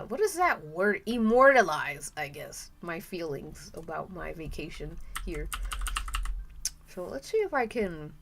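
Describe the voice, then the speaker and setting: Soft background music accompanies a young woman's casual chatter on her art stream. She rambles, stops herself mid-sentence, and laughs a lot, her voice fairly low-pitched and creaky.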